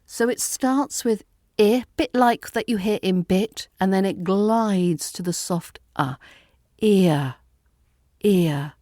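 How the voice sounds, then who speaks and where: Slow, mellow British RP woman coach. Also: mid-range voice, dry recording, clean studio sound. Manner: calm, deliberate, models words slowly and repeats them. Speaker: accent coach. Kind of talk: pronunciation lesson.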